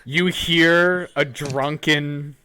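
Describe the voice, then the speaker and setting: A man playing a tabletop game, calmly narrating what his character does. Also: on the high side, extremely slow, a little hiss or hum. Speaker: player. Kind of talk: casual tabletop game chat.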